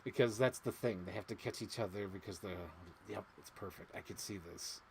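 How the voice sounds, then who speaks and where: A woman's voice: very deep voice, fairly quick, a little hiss or hum. A woman co-hosting a casual movie podcast, talking animatedly and acting out scenes in quoted voices. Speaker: podcast co-host. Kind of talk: casual chat.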